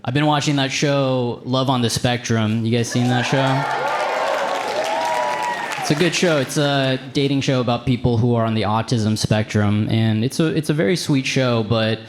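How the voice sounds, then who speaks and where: A man performing a stand-up comedy set on stage, animated and slipping into high put-on voices for the people in his stories. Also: moderate pace. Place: comedy club stage with a live audience. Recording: live venue with crowd noise. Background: audience laughter.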